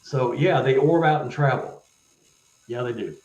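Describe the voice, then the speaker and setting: A man, a guest author on a live interview, telling personal stories with halting restarts and growing animation. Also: medium pitch, roomy sound, lo-fi sound. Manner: halting, stuttered restarts, animated when retelling events. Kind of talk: casual storytelling in a live interview.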